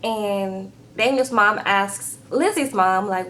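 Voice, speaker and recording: A woman's voice: mid-range voice, moderate pace, fairly bright tone, slight background noise, poor audio. A woman recapping a reality show in a casual vlog, sassy and chatty, tagging her lines with "okay?" and "girl".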